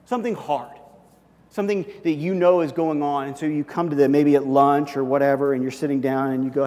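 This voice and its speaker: A man preaching a sermon, animated, acting out little everyday dialogues and often repeating his words. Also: mid-range voice, fairly quick. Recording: long hall reverb.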